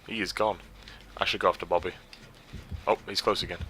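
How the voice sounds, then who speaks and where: A young man giving live commentary while playing a game, swinging from quiet muttering to excited yelps. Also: low voice, fairly quick, slight background noise. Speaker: streamer.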